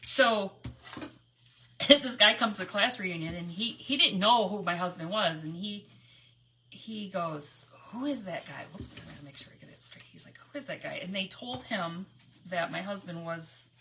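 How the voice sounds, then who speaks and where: A woman's voice: fairly low pitch, a little slow, bright, forceful tone. A middle-aged woman hosting a live crafting stream, chatting and telling stories in a rambling, giggly way while she works at her craft table. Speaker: crafting livestream host. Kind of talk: casual live crafting chat.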